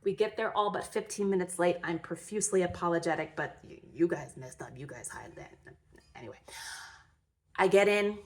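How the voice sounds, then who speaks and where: A woman's voice: lowish voice, normal speed. A woman in her thirties telling her story in a storytime vlog, candid, emotional and blunt, with mild swearing. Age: 30s. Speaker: vlogger.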